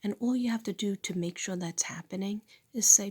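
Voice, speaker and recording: A middle-aged woman losing her voice, half-whispering through a slow spiritual talk and repeating affirmations softly. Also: lowish voice. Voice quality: breathy, husky. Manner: soft, unhurried, repeats affirmations. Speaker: spiritual teacher and channel host.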